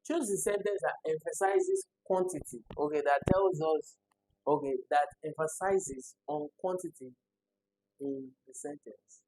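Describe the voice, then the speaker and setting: Husky exam tutor, keeps repeating words to hear the stress, thinks out loud, asks "right?" a lot. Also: mid-range voice, animated, unhurried, dry recording, rough recording. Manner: repeats each word aloud to test where its stress falls; thinks aloud and checks answers back with "right?". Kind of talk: walking through exam practice questions.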